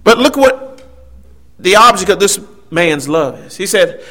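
High, bright-voiced preacher man. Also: lively intonation, normal speed. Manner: emphatic, rising and falling preaching delivery with asides to the congregation. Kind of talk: sermon.

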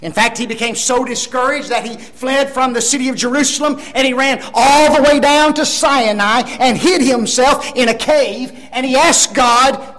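A man's voice: very high-pitched, expressive, a little slow, fairly bright tone. A man preaching a Sunday sermon, emphatic and fond of rhetorical tag questions.

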